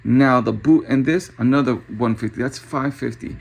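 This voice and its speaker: A man's voice: mid-range voice, moderate pace, vocal fry, breathy edge. A young man casually talking through car parts in a show-and-tell vlog, thinking aloud with filler words as he tallies prices. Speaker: car parts reseller vlogger.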